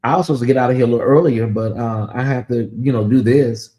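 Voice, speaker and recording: A man's voice: mid-range voice, fast, dark tone. A man with a Southern US accent hosting a casual livestream, talking straight to his viewers and reading out and answering their chat. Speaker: livestream host.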